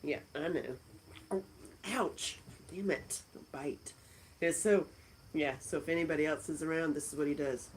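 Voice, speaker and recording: A woman's voice: low-pitched, moderate pace, slight background noise, rough recording. Chatty woman hosting a live stream. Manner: chatty, laughing, answers viewer comments. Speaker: livestream host. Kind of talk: casual live-stream chat with viewers. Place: indoors at a friend's house.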